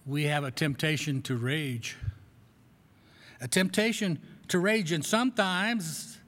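A man's voice: a little high, takes it slowly, fairly bright tone. A male pastor giving a conversational, self-deprecating sermon in a church. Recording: long echo of a large hall.

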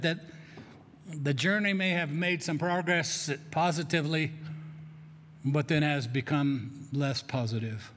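A man's voice: on the high side, fairly bright tone, in a large hall, slight background noise. A man preaching a sermon as pastor, who often restarts and repeats words while searching for them. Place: church sanctuary.

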